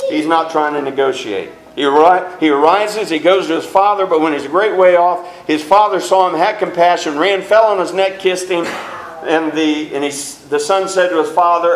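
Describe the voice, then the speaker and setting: A man preaching a sermon in a church, his pitch rising sharply on emphatic words. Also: moderate pace, a little hiss or hum. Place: church sanctuary. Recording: echoey church room.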